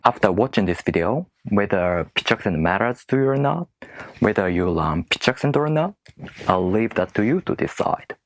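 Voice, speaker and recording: A man whose first language is not English, teaching in a video lesson with rhetorical questions and slow, careful demonstrations of word stress. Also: fairly low pitch, animated, no room sound. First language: non-English speaker.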